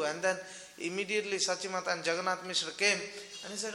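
A man tells a devotional story in a relaxed, conversational manner, with plenty of fillers. His voice is high and bright. It echoes through a large hall with a long reverb tail. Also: fast.

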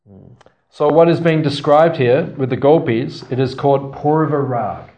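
A man's voice: a little high, a little slow, mellow. Man teaching scripture in a roomy hall. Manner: storytelling, asks the audience questions, playful asides. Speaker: class speaker on scripture. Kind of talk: scripture class talk. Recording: roomy, slightly dull sound.

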